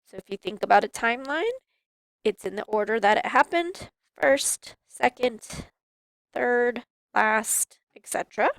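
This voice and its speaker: A woman teacher calmly explaining an assignment to her class, step by step. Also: fairly high pitch, a little slow, creaky, no room sound, low-quality recording. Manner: calm, explanatory, addresses students. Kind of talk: classroom instruction video.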